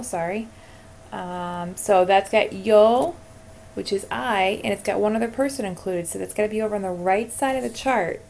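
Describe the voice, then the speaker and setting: A woman teaching Spanish verb endings in a screencast lesson, at a middling pitch for a woman. She talks her students through each answer in an encouraging way. Soft typing on a keyboard can be heard faintly behind her. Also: moderate pace, creaky, slight background noise.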